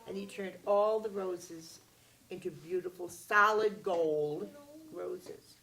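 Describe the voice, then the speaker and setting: Woman storyteller, gravelly voice, expressive, distant mic with faint noise. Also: fairly low pitch, slow. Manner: expressive, with sound effects and acted voices. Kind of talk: animated oral storytelling to a child.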